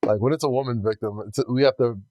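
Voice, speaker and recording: A man's voice: mid-range voice, quick pace, dark tone. A man hosting a podcast in casual chat, easygoing and slangy with a joking manner. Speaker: podcast host.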